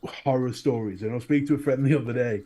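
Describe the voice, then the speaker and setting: A man with a Northern English accent, co-hosting a casual chat and telling animated stories with plenty of swearing. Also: medium pitch, fast. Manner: animated storyteller, swears freely. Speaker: podcast co-host.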